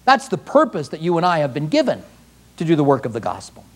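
A man's voice: fairly high pitch, wildly swooping pitch, quick pace. A male pastor preaching a fervent sermon in a church, firing pointed rhetorical questions at the congregation.

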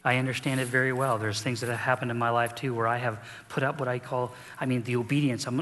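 A man's voice: medium pitch, fairly even intonation, fast talker, fairly bright tone, in a large hall. A middle-aged man preaching a sermon as pastor, telling the story with animation and acting out the people in it.

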